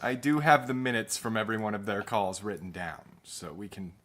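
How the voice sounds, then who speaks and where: A man co-hosting a podcast in casual chat, playful and quick with jokes. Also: lowish voice, steady tone, fairly bright tone. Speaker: podcast co-host.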